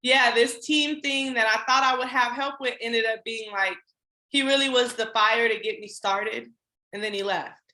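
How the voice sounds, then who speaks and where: A woman guest on a podcast, telling her story in casual, animated chat and acting out her past lines. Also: on the high side, normal speed, roomy sound.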